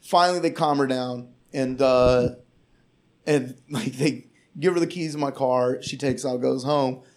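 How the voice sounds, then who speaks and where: A man's voice: mid-range voice, unhurried. A man who works as a comedian, telling a long story in casual, profane, rambling podcast chat. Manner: profane, rambling, animated retelling.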